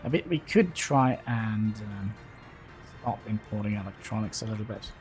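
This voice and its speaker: Low-voiced man thinking aloud over a game. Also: lively intonation, normal speed, a little mellow, faint music behind. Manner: thinking aloud, hesitant, self-correcting. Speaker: livestreamer playing a city-building game. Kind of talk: casual gameplay commentary.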